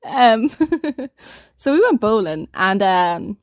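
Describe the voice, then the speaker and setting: A woman's voice: a little high, big pitch swings, extremely slow, dry recording, studio quality. A young woman in her twenties co-hosting a podcast, rambling through a story in casual chat and laughing often. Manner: giggly, rambling, laughs often mid-sentence. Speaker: podcast co-host telling a story.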